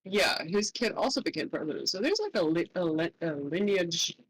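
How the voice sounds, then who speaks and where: A guest talking casually and hesitantly, with many pauses and filler words. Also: medium pitch, sing-song, slightly rough, rough recording. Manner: hesitant, full of ums and trailing off. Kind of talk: casual chat.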